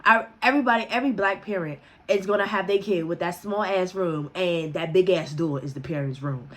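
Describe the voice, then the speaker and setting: A young woman spins a casual storytime for her viewers in an unfiltered, profane voice. She is animated and keeps cracking herself up as she goes. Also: on the low side, brisk. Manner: profane, animated, breaks into laughter. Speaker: vlogger.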